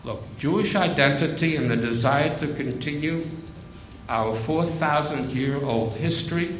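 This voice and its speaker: A man preaching a sermon, slow and emphatic, repeating phrases for weight. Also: a little high, fairly bright tone, reverberant, a little hiss or hum, poor audio.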